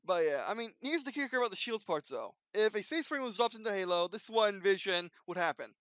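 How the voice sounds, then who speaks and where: High, smooth-voiced man rambling on. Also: lively intonation, fast talker, a bit bright, dry recording. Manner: rambling, many restarts and fillers. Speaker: video host. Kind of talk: unscripted casual commentary. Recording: dull lo-fi recording.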